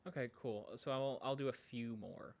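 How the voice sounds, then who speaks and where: A man's voice: mid-range voice, normal speed, creaky. A man, a podcast host, chatting casually with viewers on a livestream from home, rambling and self-deprecating and often trailing off mid-sentence. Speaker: podcast host streaming live. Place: at home with his dog.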